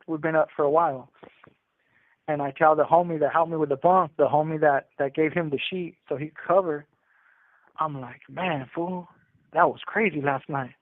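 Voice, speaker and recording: Higher-voiced man spinning a jail story in street slang, over a dry, phone-thin line. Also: steady tone, moderate pace, no room sound. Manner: streetwise slang, rambling with restarts. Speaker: incarcerated storyteller calling in. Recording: tinny prison phone line.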